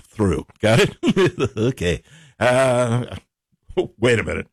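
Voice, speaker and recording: A man's voice: medium pitch, drawn-out words, pauses often, no room sound, studio quality. A man hosting a casual radio morning show, joking and rambling while he has the hiccups. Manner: jokey, rambling, animated.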